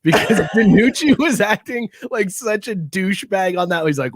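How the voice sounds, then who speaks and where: A man's voice: high-pitched, sing-song, normal speed, hardly any pauses, no room sound, clean studio sound. A man co-hosting a casual sports podcast, mocking players and laughing between jokes. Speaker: podcast co-host.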